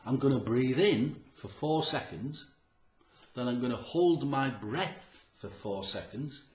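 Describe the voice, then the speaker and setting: A man's mid-range, slightly mellow voice has lively intonation and a slow pace, heard in a roomy echo. The health vlogger gives an earnest, emphatic motivational talk to camera, repeating himself for effect and sounding a bit out of breath.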